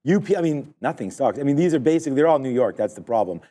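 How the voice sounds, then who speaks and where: Man, trading stream host, live market commentary, rambling and excitable, warm mellow tone. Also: medium pitch, very fast. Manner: rambling, excitable, filler-heavy.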